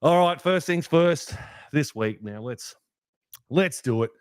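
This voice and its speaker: A young Australian man hosting a fan podcast, ranting heatedly with plenty of swearing, a little rough from a hangover. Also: fairly high pitch, takes it slowly, no room sound. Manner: heated, sweary rant with lively swings. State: hungover, rough voice. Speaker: podcast host. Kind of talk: fan podcast match review.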